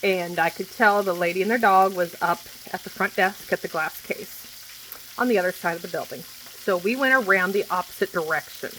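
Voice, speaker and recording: A woman in her forties venting in a casual monologue, blunt and quick to swear, repeating herself for emphasis. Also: on the low side, pushed and bright, rough recording. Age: 40s. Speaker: vlogger. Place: home kitchen while food cooks. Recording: faint frying noise behind. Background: food sizzling in a pan.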